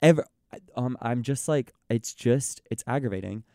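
A young man in casual chat, ranting in an exasperated, animated way and mimicking the people he quotes. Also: mid-range voice, moderate pace, no echo, clean studio sound. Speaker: podcast host.

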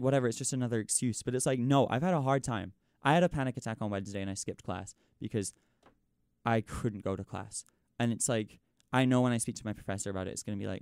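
A man's voice: mid-range voice, darkish tone, no echo, clean studio sound. A young man hosting a college radio show, venting in a frustrated rant full of "like" and "it's like". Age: young adult. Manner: exasperated ranting, frequent "like" and "it's like". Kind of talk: venting on air.

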